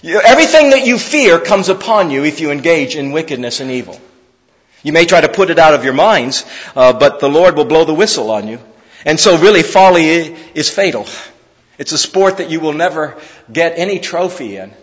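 A man's voice: fairly high pitch, animated, brisk, big-room sound, dull audio. A man preaching an expository sermon in an earnest, conversational way, asking his listeners direct questions. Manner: earnest, conversational, with rhetorical questions and sports metaphors.

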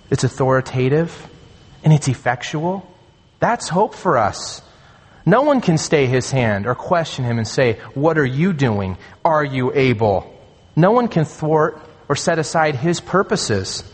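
A man preaching a sermon as a pastor, earnest and emphatic, slowing down to stress key phrases. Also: fairly high pitch, slightly rough. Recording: long hall reverb.

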